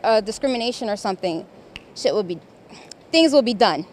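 A woman's voice: mid-range voice, animated, a little fast, darkish tone. A woman giving her opinion bluntly and with exasperation. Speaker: interviewee. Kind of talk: casual opinion.

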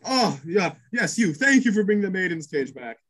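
A man running a tabletop game, slightly higher-voiced than most men. He narrates the chaos in bursts, swearing freely and padding the pauses with ums and uhs. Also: very animated, fairly bright tone, rough recording. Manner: rapid, crude narration full of fillers. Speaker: game master.

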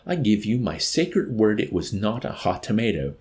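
A man's voice: low voice, big pitch swings, moderate pace, gravelly, full character voice. A man voicing a meek, distressed army chaplain who pleads anxiously under questioning. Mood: pleading. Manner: pleading, anguished.

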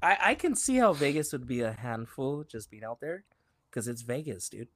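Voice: medium pitch, lively intonation, normal speed, no room sound. A podcast co-host in casual chat, laughing often and asking teasing questions.

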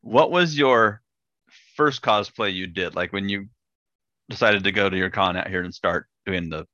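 A man's voice: on the low side, moderate pace, sharp tone, no room sound. A male host asking questions in an easygoing, casual chat and laughing often. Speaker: podcast host. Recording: dull lo-fi, dry.

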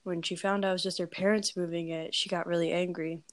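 A woman's voice: on the low side, little pitch movement, fast, dry recording. Rambling young woman telling a scary story. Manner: rambling, filler-heavy, valley-girl phrasing.

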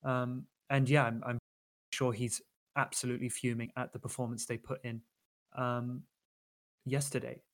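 A man co-hosting a football chat in a mid-pitched everyday voice. He talks earnestly and critically, circling back with restarts and fillers. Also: level tone, moderate pace, long pauses, a bit bright. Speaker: podcast co-host.

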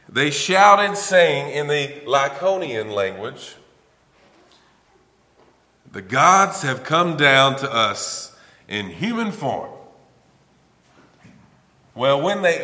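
A man preaching a sermon, animated and emphatic, often repeating and restarting phrases. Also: medium pitch. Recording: echoey hall with long reverb.

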